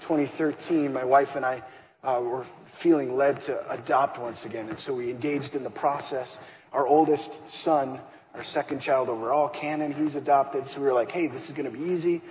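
A man of middle pitch tells a personal testimony with lively storytelling. The sound is a bit muffled, with faint hiss beneath it. A long hall reverb trails his voice. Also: moderate pace. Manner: animated, acts out dialogue. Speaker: speaker giving a faith testimony.

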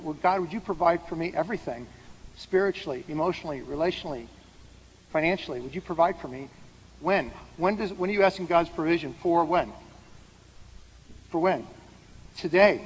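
A man preaching a sermon, explaining scripture in a conversational way and putting questions to the room. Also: on the high side. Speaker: pastor. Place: large hall with an audience. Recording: hall reverb with faint background noise.

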